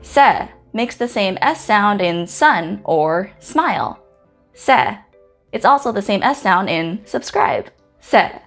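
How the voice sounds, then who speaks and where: A woman's voice: mid-range voice, expressive. Woman carefully pronouncing letters. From Guam. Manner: slow, careful letter-by-letter pronunciation. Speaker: host teaching the Chamorro alphabet. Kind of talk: scripted pronunciation lesson. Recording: faint music in the background.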